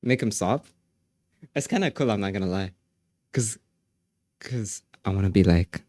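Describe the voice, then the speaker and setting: A man's voice: lowish voice, lively intonation, normal speed, long pauses, a little mellow, no echo, clean studio sound. A man streaming live, chatting casually with his viewers, joking, laughing often and filling his talk with "like".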